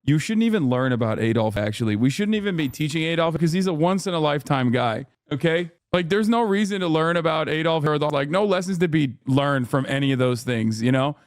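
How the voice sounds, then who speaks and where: A man's voice: on the high side, animated, brisk, few pauses, no room sound. A man streaming casual reaction commentary in a sarcastic, rambling way. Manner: sarcastic, rambling, riffing on chat.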